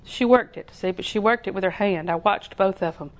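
A woman's voice: mid-range voice, fairly quick. A woman preacher giving a conversational sermon, telling homespun stories with laughing asides, acting out other people's voices and dropping into whispers for emphasis. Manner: animated storyteller who acts out voices and drops to whispers.

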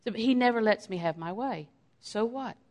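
Middle-aged woman preaching, chatty and lively. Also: fairly high pitch, moderate pace. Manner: conversational preaching with acted-out quotes of herself. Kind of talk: sermon.

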